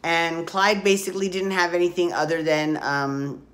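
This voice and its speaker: A woman's voice: lowish voice, little pitch movement, normal speed. A woman hosting a casual soap opera recap podcast, chatty and blunt, swearing freely as she talks through the week's episodes.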